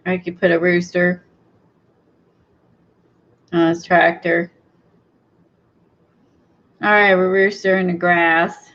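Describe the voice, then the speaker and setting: Woman, chatty crafter, gravelly fry, dull lo-fi recording. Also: fairly low pitch, flat delivery, slow, long pauses, fairly bright tone. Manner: chatty, gushing, thinks aloud. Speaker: craft video host. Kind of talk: casual crafting chat. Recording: dull lo-fi sound.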